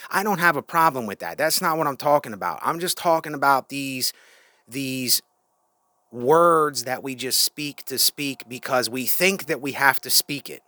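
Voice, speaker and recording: A man's voice: mid-range voice, measured pace, bright, forceful tone, no echo. A man giving a frank, opinionated monologue in a casual vlog, often restarting and asking rhetorical questions. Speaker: vlogger.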